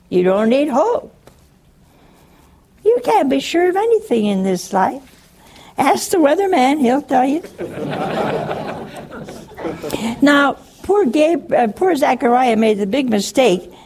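In a slightly high, darkish and somewhat rough voice, a woman preaches on scripture with a chatty, teasing touch. Her talk is humorous scripture teaching, full of acted-out quotes and frequent chuckles.

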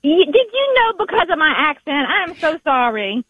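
A woman with a Southern accent calling in to a radio show, speaking earnestly and haltingly, often repeating herself. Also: sits high, big pitch swings, no echo. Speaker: radio caller. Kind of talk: call-in radio chat. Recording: phone line.

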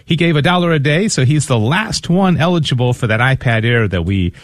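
A man's voice: medium pitch, expressive, brisk, dry recording. Upbeat man hosting a radio fundraiser. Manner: earnest and upbeat, with frequent fillers and restarts. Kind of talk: live Catholic radio fundraising talk.

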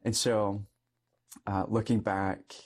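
A man's voice: lowish voice, level tone, slow pace. A young adult man, a Catholic priest, telling a personal story in an interview, earnest and easygoing with frequent light laughs.

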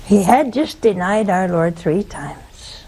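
A woman's voice: medium pitch, lively intonation, takes it slowly, warm tone, a little hiss or hum. A woman preaching a sermon, telling a story in a conversational way and asking the audience rhetorical questions.

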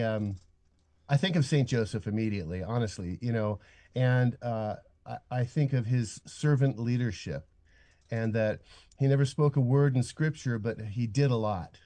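An older man talks earnestly and reflectively, often stopping and restarting his thoughts. His voice is dark and mellow. It sounds close and dry through a studio microphone. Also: mid-range voice, no echo. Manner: earnest, reflective, stop-start. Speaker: guest. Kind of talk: radio interview.

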